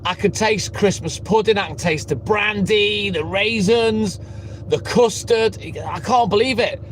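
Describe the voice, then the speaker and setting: A man's voice: high-pitched, a little slow, a little hiss or hum. A man voicing an amazed male barman in a joke, gushing in disbelief. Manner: stunned and gushing.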